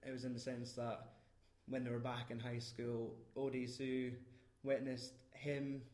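A man's voice: medium pitch, monotone, measured pace, a little mellow. A man in a casual, rambling film chat, full of fillers and swearing. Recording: roomy echo.

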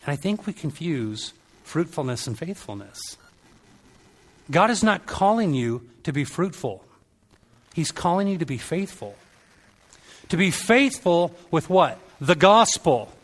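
Middle-aged male preacher, slightly high voice, animated storyteller who acts out the people he quotes. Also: measured pace, long pauses. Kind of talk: sermon.

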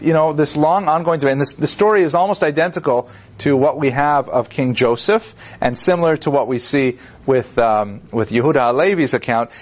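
A man's voice: medium pitch, lo-fi sound. A man giving a university lecture in a loose, conversational way, with many fillers and restarts and wry, acted-out asides. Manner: acts out quoted figures with wry humor.

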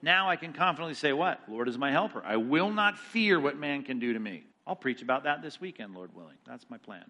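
A man, a pastor, teaching a Bible study in a lively sermon style, reading Scripture aloud with rising emphasis and tossing in quick asides. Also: mid-range voice.

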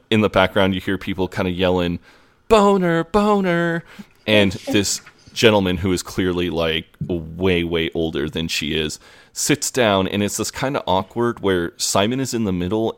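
Deep-voiced man chatting casually. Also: moderate pace. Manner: rambling, hedging with fillers. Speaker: podcast co-host. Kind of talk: casual recap chat.

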